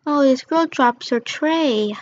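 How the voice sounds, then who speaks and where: A woman narrates a roleplay game at a slow, plain pace, her voice a little high. The recording is dull and lo-fi.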